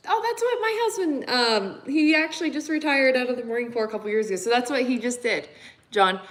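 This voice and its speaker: Doing chores in her home kitchen, a thirties-aged mother of three boys talks to viewers through a phone mic, rambling casually and laughing a lot. She speaks fairly quickly in a fairly high, expressive and somewhat bright voice.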